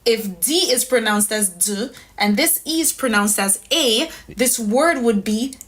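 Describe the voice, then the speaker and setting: A woman's voice: a little high, animated, a little slow, fairly bright tone. A woman teaching a language lesson, patiently explaining pronunciation step by step. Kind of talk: instructional lesson.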